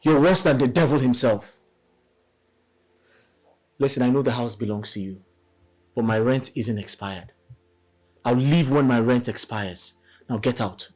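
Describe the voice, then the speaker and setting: A man's voice: mid-range voice, unhurried, long pauses, close to an everyday voice, poor audio. An actor with a Nigerian accent playing a heartbroken, bitter husband in a Nollywood film, with music under his voice. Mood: furious. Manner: bitter, accusing, shouting at times. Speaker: wronged husband. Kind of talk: Nollywood screen acting.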